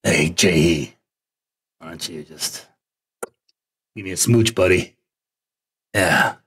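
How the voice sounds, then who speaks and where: A man's voice: low voice, slow pace, a bit bright, breathy edge, voice pushed down, heavily acted. A man putting on a smarmy, flirty guy, mock-seductive and drawn out. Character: smarmy flirty man teasing a buddy for a kiss.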